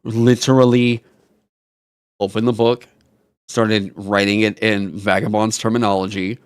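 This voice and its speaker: A man hosting a casual live stream, talking in an animated, rambling way and swearing casually into a headset mic. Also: fairly low pitch, a little slow, clean tone, no echo, clean studio sound. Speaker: streamer host.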